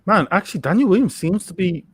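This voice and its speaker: A man co-hosting a live fight watch-along, chatting casually and jumping up in pitch when he reacts. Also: lively intonation, quick pace. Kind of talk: casual live commentary chat.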